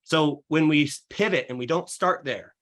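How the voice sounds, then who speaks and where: A young real estate agent, slightly high-voiced, explains fast and with lots of filler as a podcast guest. The conversation is casual, and he energetically acts out things his clients have said.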